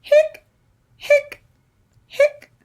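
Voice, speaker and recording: A woman voicing a small male skeleton who hiccups in high, squeaky bursts. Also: drawn-out words, darkish tone. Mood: hiccuping.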